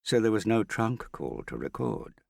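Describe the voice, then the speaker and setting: A man playing a calm, evasive male schemer who deflects accusations patiently. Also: on the low side, normal speed, creaky, dry recording, studio quality, voice pushed up, exaggerated voice. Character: smooth evasive middle-aged male schemer.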